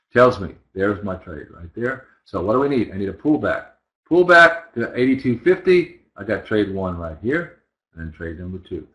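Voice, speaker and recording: In this low-quality recording, a man with a medium-pitched, fairly bright voice teaches currency trading. He talks conversationally through his charts live, speaking as he works and often asking listeners rhetorical questions to check in.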